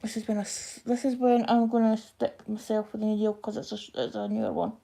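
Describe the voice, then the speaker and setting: Broad Scottish woman, chatty and quick. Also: mid-range voice, big pitch swings, vocal fry, mellow. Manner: quick-talking, chatty, self-deprecating. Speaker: craft livestream host. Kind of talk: casual chat while stitching, reading live comments.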